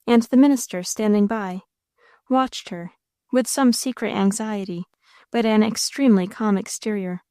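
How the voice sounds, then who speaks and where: Steady woman narrating an audiobook. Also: mid-range voice, normal speed, smooth, no room sound, studio quality. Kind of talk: audiobook narration of a classic novel.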